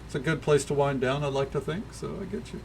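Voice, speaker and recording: This streamer from Tennessee talks fast in a slightly high, gravelly voice against a noisy background. He chats casually with viewers as he games, his light Southern drawl running through an easygoing ramble full of fillers.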